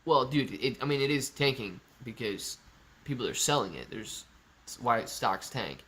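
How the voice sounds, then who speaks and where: A man's voice: mid-range voice, expressive, normal speed, fairly bright tone, slightly rough. A young man hosting a live stream, reading viewer comments aloud and answering in a chatty, laid-back way. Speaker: livestream host reading chat. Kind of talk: casual live stream chat.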